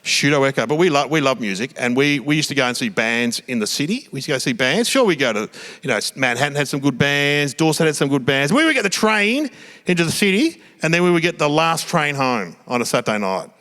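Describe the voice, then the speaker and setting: His voice a little high, animated, bright and forceful, a middle-aged Australian man delivers stand-up comedy to a live audience on a small theatre stage. The set is made of chatty, self-mocking anecdotes broken up by quick voiced asides.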